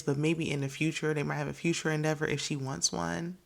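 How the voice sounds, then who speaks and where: A woman's voice: low-pitched, fairly even intonation, a little fast, vocal fry. A woman casually recapping a reality show in an opinionated, chatty way, often laughing and quoting the cast.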